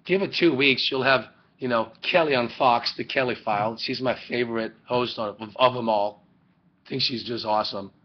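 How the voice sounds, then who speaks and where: Male teacher, lecturing casually with jokes and asides to students; average pitch, muffled lo-fi webcam audio. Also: moderate pace. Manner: rambling, joking, rhetorical questions. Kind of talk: classroom lecture.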